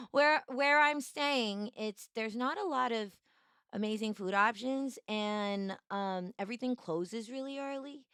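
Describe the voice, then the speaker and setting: A woman's voice: a little high, slow pace, fairly bright tone, smooth, no echo, studio quality. A woman streamer chatting casually on a live stream, greeting viewers by name in a bubbly, playful way.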